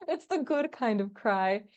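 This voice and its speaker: A young woman, a podcast guest, chatting casually and telling lively stories, acting out the dialogue and laughing often. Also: fairly high pitch, slow pace, lo-fi sound. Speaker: podcast guest, agency founder. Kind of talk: casual interview chat.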